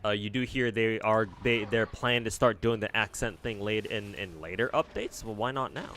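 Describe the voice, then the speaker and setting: A man's voice: fairly low pitch, moderate pace, a bit bright, slight background noise. A man streaming a game, thinking aloud in a rambling, casual way and swearing now and then. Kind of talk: casual gameplay commentary. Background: faint game music.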